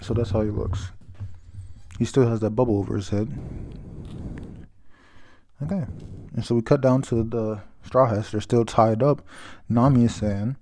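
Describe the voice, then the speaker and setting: Male reviewer, casual and rambling, mellow voice, rereads lines aloud when he stumbles. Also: medium pitch, steady tone, measured pace, pauses often. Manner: rambling, many fillers, reads quotes aloud, stumbles and restarts. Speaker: manga chapter reviewer. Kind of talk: casual manga chapter review.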